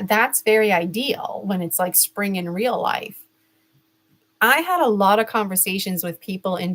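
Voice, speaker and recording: A middle-aged woman giving a casual gemstone reading, chatty and rambling, with many fillers and restarts. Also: medium pitch. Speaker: spiritual reader.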